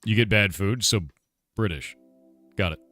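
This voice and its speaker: A man's voice: on the low side, unhurried, bright, forceful tone, faint music behind. A middle-aged American man streaming live, riffing and joking with his chat in loose banter. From United States. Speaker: game developer streamer.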